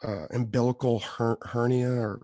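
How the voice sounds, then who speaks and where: A man co-hosting a podcast, telling a long, rambling story in a casual, animated way. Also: mid-range voice, normal speed, dry recording. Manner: rambling, animated, quotes others in his telling. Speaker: podcast co-host.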